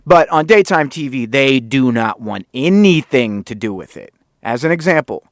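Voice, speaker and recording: Animated man telling a story, dry sound. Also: medium pitch, no room sound. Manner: animated, swears casually. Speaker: podcast host. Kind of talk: casual storytelling monologue.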